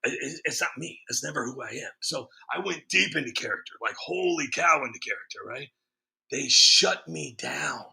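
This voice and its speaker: A man's voice: medium pitch, animated, normal speed, creaky, pushed and bright. A man hosting a stream, talking in a casual, sarcastic rant with lots of fillers and jokes. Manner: sarcastic, joking, frequent fillers. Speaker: streamer host. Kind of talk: casual ranting monologue.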